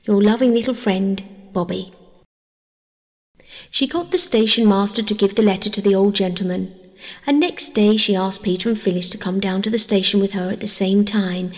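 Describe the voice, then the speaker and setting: A woman narrating a bedtime story audiobook in a gentle, measured way. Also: mid-range voice. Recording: long hall reverb.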